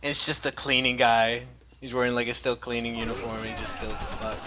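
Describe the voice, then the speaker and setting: Bright-voiced young man, profane and rambling. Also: mid-range voice, level tone, fairly quick, soft background music. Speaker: comic reviewer. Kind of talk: casual review.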